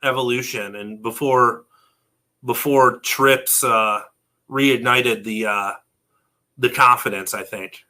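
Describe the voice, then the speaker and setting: A man's voice: medium pitch, fairly even intonation, slow pace, sharp tone. A man co-hosting a casual wrestling podcast, arguing his opinions in a playful, mock-angry way. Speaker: podcast co-host. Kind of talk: casual wrestling review chat.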